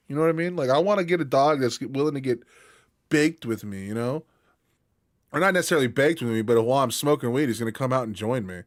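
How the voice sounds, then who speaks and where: Animated young man rambling casually. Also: medium pitch, normal speed. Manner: rambling, laid-back, slangy and animated. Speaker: streamer. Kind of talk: casual live-stream chat.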